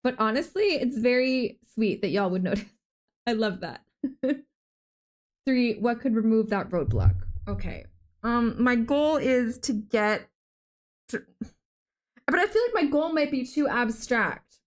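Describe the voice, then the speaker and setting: A young adult woman streaming a video game live, chatting excitedly with her viewers and gasping often. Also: a little high, unhurried, long pauses. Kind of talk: live gameplay stream chat.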